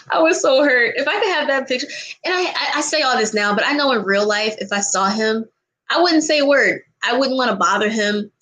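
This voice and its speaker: A woman's voice: a little high, a bit bright, rough recording. A young woman vlogger chatting casually and answering viewer questions, bubbly and giggly, gushing, humming and singing snatches of songs. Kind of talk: casual chat.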